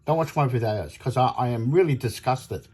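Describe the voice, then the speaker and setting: Husky middle-aged guy from australia, fed up rant, keeps repeating himself. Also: mid-range voice, expressive, moderate pace, warm tone. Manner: indignant, repetitive, retells phone calls with quoted voices. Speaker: audio kit seller. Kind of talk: ranting monologue.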